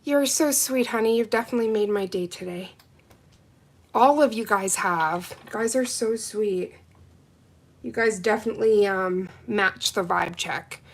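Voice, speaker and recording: A woman's voice: medium pitch, unhurried, vocal fry. A woman hosting a live nail art stream, chatting casually with viewers and reading out their comments. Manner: chatty, reads and answers viewer comments, excitable. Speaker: nail livestream host. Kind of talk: casual livestream chat with viewers.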